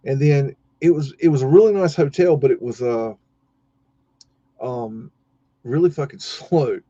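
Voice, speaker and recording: A man's voice: mid-range voice, measured pace, mellow, no room sound, highs cut off. A man casually telling rambling stories about his old jobs, folksy and swearing freely, with lots of fillers. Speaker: podcast host.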